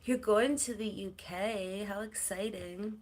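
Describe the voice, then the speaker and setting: A middle-aged woman from Canada, chatting casually on a livestream and cooing softly to her cats. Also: medium pitch, slow pace. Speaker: livestream host.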